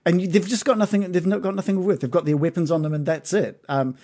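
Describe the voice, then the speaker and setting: A man's voice: high-pitched, steady tone, fast talker, dark tone. A man narrating as game master of a tabletop game, casual and hesitant. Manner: casual, hesitant with many ums.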